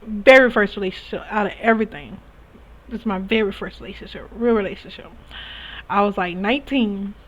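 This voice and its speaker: A young woman telling her own story in a candid, emphatic way, often restarting her sentences. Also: medium pitch. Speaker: spiritual reader sharing experiences. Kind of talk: casual personal storytelling. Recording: dull lo-fi recording.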